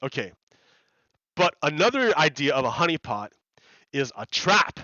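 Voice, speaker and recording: A man's voice: a little high, big pitch swings, unhurried, long pauses, pushed and bright, no room sound, muffled recording. A man chatting casually on a live game stream, rambling and repeating words as he explains ideas to his viewers. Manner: rambling, repeats words and restarts, laughs often.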